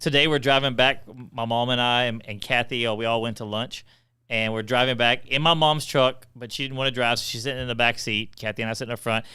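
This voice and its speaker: A man on a podcast chats casually and tells stories with animated energy, acting out the sounds in them. His voice has a bright, forceful edge and a crisp, clean tone. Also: medium pitch, fast talker, no room sound, clean studio sound. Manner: animated, acts out sounds and shouts. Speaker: podcast guest. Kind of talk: casual chat, animated storytelling.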